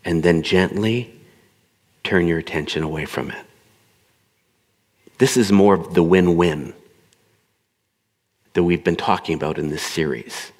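A man giving a calm, coaching spiritual talk to a gathering, acting out little inner dialogues as he goes. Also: deep voice, a little slow, long pauses. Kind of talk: spoken talk to a gathered audience. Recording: long reverb of a hall.

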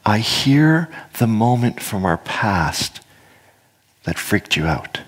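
Husky, lowish man in his fifties, earnest and reflective speaker at a spiritual gathering. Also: big pitch swings, a little slow, a bit bright. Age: 50s. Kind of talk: reflective spoken talk to an audience.

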